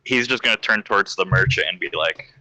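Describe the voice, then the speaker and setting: A man playing in a tabletop game who speaks haltingly, with lots of fillers. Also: fairly low pitch, pushed and bright, dry recording, low-quality recording. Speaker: player.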